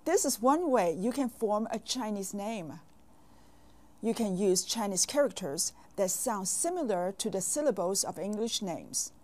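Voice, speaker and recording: Woman as a patient children's language teacher: slow, clear delivery, animated pitch. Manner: slow, carefully enunciated, with quizzing pauses. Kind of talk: scripted language lesson for kids.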